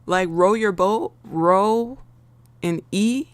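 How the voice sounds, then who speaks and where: An American woman from the United States hosts a live trading stream, chatting playfully with viewers and laughing often. Her mid-range voice moves slowly, and the recording has no echo.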